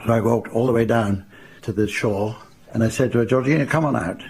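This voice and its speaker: An older man from England telling wry, dry family anecdotes in an unhurried storytelling style. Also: mid-range voice, a little mellow, husky. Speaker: raconteur. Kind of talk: anecdotal storytelling to a live audience.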